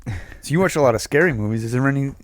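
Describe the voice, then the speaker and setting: A man's voice: medium pitch, animated, rapid-fire. A man co-hosting a podcast in casual chat, laughing often and swearing freely. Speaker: podcast co-host.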